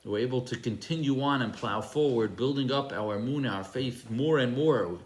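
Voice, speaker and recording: A man's voice: medium pitch, normal speed, slight background noise. A man, a rabbi, giving an earnest, emphatic sermon with storytelling. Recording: roomy echo.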